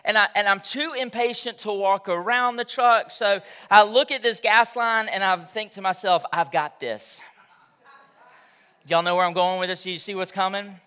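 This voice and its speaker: Male pastor, conversational sermon delivery, high voice, y'all-ing the crowd. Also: fairly even intonation, normal speed, hardly any pauses, pushed and bright, clean tone.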